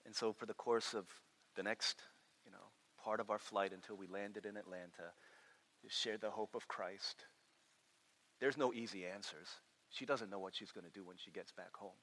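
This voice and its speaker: Male pastor mid-sermon: animated storyteller who trips over and repeats words, bright forceful voice in a long-reverb hall. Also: on the low side, moderate pace.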